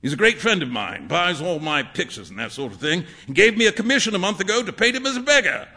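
A man's voice: sits high, sing-song, quick pace, bright, forceful tone, breathy edge, full character voice. A man voicing a jovial male painter in a storybook reading, with a theatrical, amused delivery. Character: jovial wealthy-world male painter, teasing.

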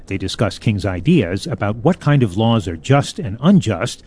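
Low, lively male radio news correspondent. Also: moderate pace.

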